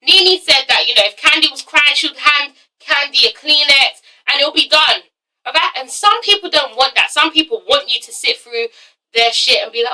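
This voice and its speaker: A woman giving a casual, opinionated video review, sassy and swearing freely with animated asides. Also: high voice, normal speed, recorded from a distance, low-quality recording. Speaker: reality TV reviewer.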